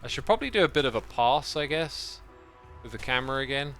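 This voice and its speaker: Bright-voiced man streaming a game. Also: medium pitch, lively intonation, fast talker. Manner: rambling, thinks aloud, thanks chat. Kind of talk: casual livestream commentary while playing. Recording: faint background music.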